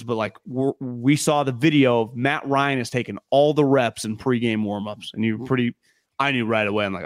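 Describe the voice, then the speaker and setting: A man co-hosting a casual sports podcast, talking in an animated, rambling way with casual swearing. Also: mid-range voice, fairly quick, no room sound, clean studio sound. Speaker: podcast co-host.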